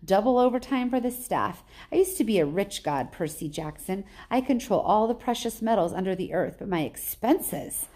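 A woman's voice: on the low side, normal speed, a little mellow, close to an everyday voice. A woman reading aloud, voicing a proud, scornful male god of the underworld who grumbles and accuses. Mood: aggrieved.

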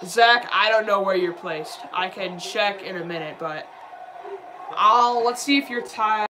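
A young man streaming a live reaction to a basketball game, excitable and prone to yelling at the plays, then apologizing. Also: sits high, unhurried, a crowd in the background. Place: home room, dog nearby.

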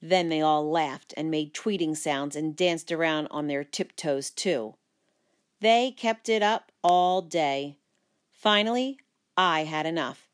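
A woman with a slightly low voice reads a children's storybook aloud. She narrates in the first person with playful, expressive emphasis. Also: slow pace. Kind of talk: children's book read-aloud.

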